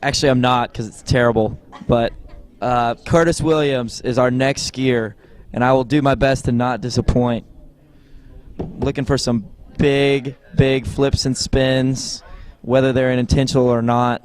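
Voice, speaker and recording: A man's voice: mid-range voice, a little slow, clean tone. A man giving joking live commentary on a water ski tournament, with a wry, teasing delivery. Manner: wry, teasing, deadpan jokes.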